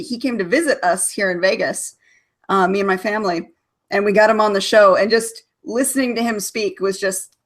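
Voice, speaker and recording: An American woman hosting a casual interview, chatty and warmly enthusiastic. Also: medium pitch. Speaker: host.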